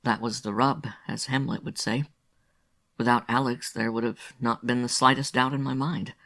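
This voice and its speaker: A man narrating a literary audiobook with a gravelly, fry-laden voice. He sits at a middling pitch and keeps a measured, confessional storytelling manner. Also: steady tone, bright, forceful tone.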